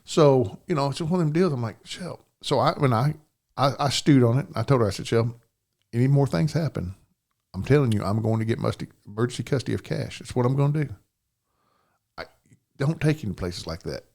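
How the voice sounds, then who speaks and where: A man's voice: mid-range voice, lively intonation, brisk, vocal fry, darkish tone. An older man, a podcast guest telling a personal story in plain, rambling speech, often asking "you know what I'm saying".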